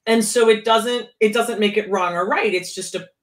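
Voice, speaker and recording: A woman keytar player in casual chat, talking with animated, swooping emphasis. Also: mid-range voice, normal speed.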